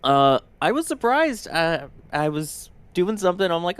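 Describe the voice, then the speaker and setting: A man co-hosting a livestream, telling what happened in an animated, casual way. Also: fairly high pitch, normal speed, few pauses, clean tone, no room sound. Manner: animated storyteller. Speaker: co-host.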